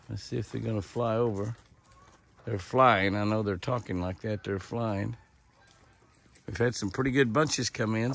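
A man's voice: medium pitch, gravelly, pushed and bright. A man narrating a casual ranch vlog outdoors, chatting to his animals as he feeds them. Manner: chatty, talks to the animals while feeding them. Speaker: ranch owner.

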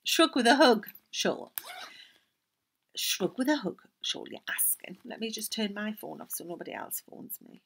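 An older woman with a Geordie accent, hosting a knitting podcast in a chatty, rambling way, often dropping into soft asides. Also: medium pitch, big pitch swings, moderate pace, vocal fry, breathy edge. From North East England. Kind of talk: casual chat.

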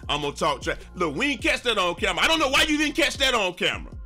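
Male gaming vlog host, lively and slangy, fairly high voice, faint music under him. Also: racing. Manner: energetic, sing-song, slangy. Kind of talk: casual commentary vlog.

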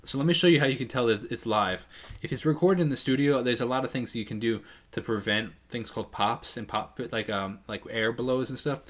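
A man's voice: mid-range voice, a little fast, soft background music. A man and musician reacting to a live song, casually explaining the mix and vocals into a studio microphone with a pop filter. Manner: explanatory, analytical, many restarts. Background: faint song playing.

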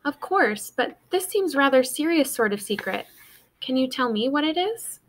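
A woman voicing a concerned, gentle mother talking to her son. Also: sits high, animated, normal speed, pitched above the performer's own voice. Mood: worried.

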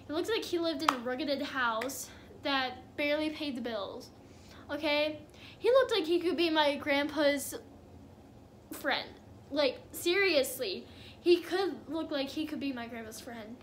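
A woman's voice: high voice, lively intonation, a little slow, slight background noise. A young woman telling a casual storytime on her vlog, chatty and giggly with lots of fillers. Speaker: vlogger.

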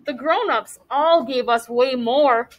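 A woman plays a proud older brother from a storybook. He talks in a casual, dismissive way, fairly high in pitch. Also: takes it slowly. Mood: boastful.

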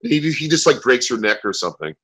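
A man's voice: medium pitch, very animated, quick pace, sharp tone, breathy edge, no echo, low-quality recording. A man co-hosting a podcast, blunt and exasperated in casual chat, often stumbling over repeated words. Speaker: podcast co-host.

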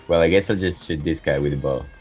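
Man with a very deep voice at a game table. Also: darkish tone. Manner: hesitant, laughs between moves. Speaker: player. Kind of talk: casual tabletop game chat.

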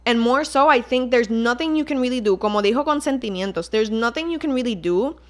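A woman's voice: a little high, expressive, fast. A young Puerto Rican woman with a Puerto Rican accent, hosting a casual solo podcast in a heated, exasperated tone, swearing and mixing Spanish into her English. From Puerto Rico. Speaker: podcast host.

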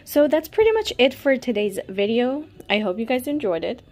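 Young female vlogger, theatrical exasperation, wide swooping pitch. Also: expressive, moderate pace, a little mellow. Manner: dramatic, exasperated, pleading and laughing. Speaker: unboxing vlogger. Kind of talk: casual unboxing commentary.

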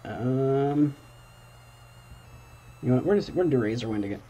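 A man's voice: medium pitch, animated, normal speed, long pauses, warm tone, slight background noise. A young man casually commentating his own gameplay at home, talking back at the game and bursting into exclamations. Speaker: gaming channel host. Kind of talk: casual let's-play commentary. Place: home room at night.

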